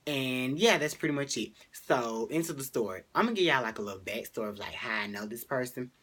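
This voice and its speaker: Teen boy vlogger, mid-pitch, breathy, rambling storytime delivery. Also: lively intonation, brisk, fairly bright tone. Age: teenager. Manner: chatty, rambling storytelling with fillers; jumps high for quoted lines, drops to whispers. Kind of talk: casual storytime vlog.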